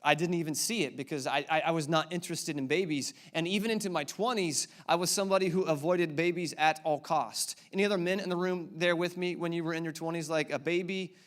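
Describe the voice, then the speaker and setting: A man's voice: a little high, fast talker, hardly any pauses. A man in his thirties, a pastor preaching a sermon in a church and playfully quizzing the congregation with repeated questions. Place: church auditorium before a congregation.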